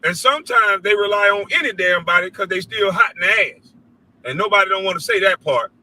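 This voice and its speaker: High-voiced man ranting hard. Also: animated, fairly quick, rough recording. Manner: profane, loud and preachy, mimics others in high voices. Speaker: show host. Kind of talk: heated commentary rant.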